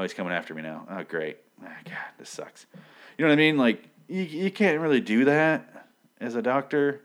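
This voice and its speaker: Deep-voiced man ranting casually. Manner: profane, blunt and joking, with many fillers. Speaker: TV show recap vlogger. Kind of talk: casual rambling commentary.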